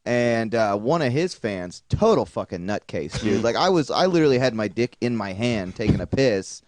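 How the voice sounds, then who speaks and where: A man's voice: mid-range voice, very animated, moderate pace, a little mellow, no room sound. A man co-hosting a comedy podcast, asking questions and telling a crude story in a laid-back way. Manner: laid-back, profane, laughs often. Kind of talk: casual chat.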